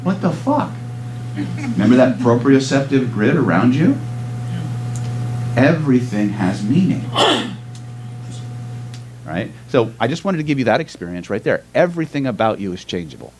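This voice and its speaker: A man teaching a live workshop on inner voices, then leading the room through a slow guided hypnosis. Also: mid-range voice, a little hiss or hum, poor audio. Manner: animated and joking with the audience, shifting into slow soothing guided trance. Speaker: hypnosis and NLP trainer. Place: seminar room with a live audience.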